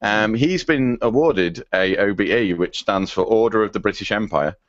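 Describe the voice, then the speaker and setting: A man's voice: lowish voice, normal speed, lo-fi sound. A man co-hosting a podcast in casual chat, laughing often and slipping into funny voices. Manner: laughing, lively, does funny impressions. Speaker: podcast co-host.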